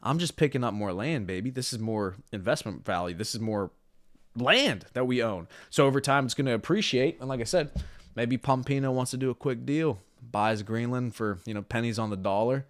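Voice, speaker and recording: A man's voice: medium pitch, fairly quick, no echo, studio quality. A man co-hosting a casual podcast, brash and hyped up, swearing freely. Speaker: podcast co-host.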